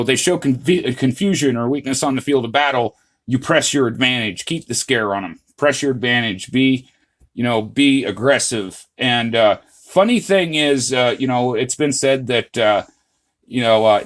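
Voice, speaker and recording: A man of middle pitch talks to his viewers in a loose, unscripted vlog monologue. He rambles and restarts often, leaning on fillers, and calls his audience "guys" in an earnest, chatty way. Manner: rambling, frequent "uh, you know" fillers and restarts. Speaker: channel host. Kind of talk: casual history vlog monologue.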